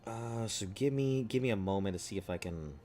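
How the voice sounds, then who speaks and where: A man streaming a game in a somewhat low voice, talking through what to do next in a loose, rambling way and reading on-screen text aloud. His voice sounds slightly rough and throaty from a tickle in his throat. There is a faint hiss of noise behind him. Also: a little fast, a little mellow. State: clearing his throat often. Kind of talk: casual gameplay commentary.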